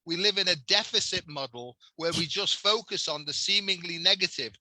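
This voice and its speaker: An older man with a Liverpool accent talks easily as a podcast host. He tells stories and slips into the voices of people he quotes. His voice is very bright and a little high for a man, and it is recorded close and dry. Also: fairly quick, no room sound. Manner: chatty, storytelling, acts out quoted voices. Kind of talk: casual conversation.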